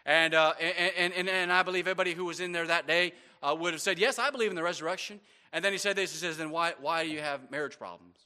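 A man's voice: high-pitched, steady tone, quick pace, hardly any pauses, pushed and bright, clean tone. A man preaching a sermon as pastor, with frequent amens and repeated stumbles on words.

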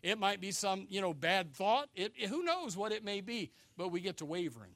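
An older man preaching a sermon as pastor, folksy and joking, swinging between loud emphasis and hushed asides. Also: high voice, big pitch swings, a little fast, background noise.

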